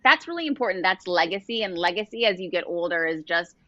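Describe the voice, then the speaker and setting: A middle-aged woman with a bright, sharp voice tells stories as a guest, animatedly acting out the dialogue she quotes. The sound is dry and slightly dull, with no room around it. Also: lowish voice, animated, fast, no echo. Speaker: guest, author. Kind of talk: casual interview storytelling.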